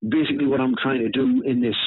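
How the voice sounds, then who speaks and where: A man tells a ghost story, his husky voice coming down a thin, tinny phone line with no room sound around it. He talks in an animated way, stumbling over and repeating words as he gets into it. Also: mid-range voice, fast, no room sound. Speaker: author and paranormal investigator, guest. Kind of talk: conversational storytelling.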